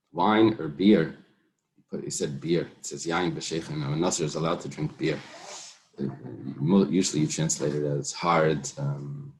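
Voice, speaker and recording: A man teaching a Talmud lesson in a relaxed way, thinking aloud with fillers and mixing Hebrew and Aramaic terms into his English. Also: sits low. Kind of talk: casual Talmud study lesson.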